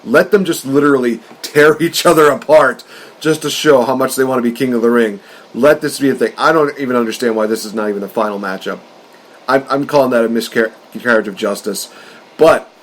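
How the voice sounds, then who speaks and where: Guy chatting on a podcast, excitable, rambles and laughs a lot, average voice. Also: medium pitch, brisk. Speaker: podcast co-host. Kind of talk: casual wrestling chat.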